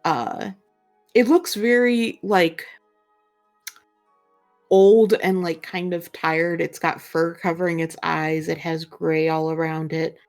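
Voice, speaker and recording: A young woman narrating a tabletop role-playing game as game master, describing scenes in a relaxed, meandering way. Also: fairly low pitch, slow, soft background music. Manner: relaxed, filler-heavy description.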